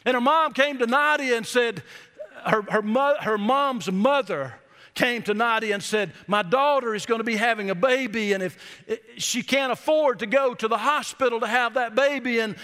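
A middle-aged man preaches in a church, telling folksy stories and slowing down to stress his key words. His voice sits high and rings bright and forceful. The sound carries a long reverb from the hall. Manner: folksy storytelling preacher, emphatic slowed phrases. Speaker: pastor. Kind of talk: sermon. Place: church sanctuary.

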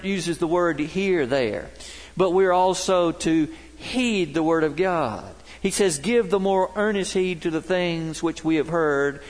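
A man's voice: fairly high pitch, in a large hall. A middle-aged man preaching a sermon to his congregation in a worship center, emphatic and folksy, telling stories to make his points. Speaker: pastor.

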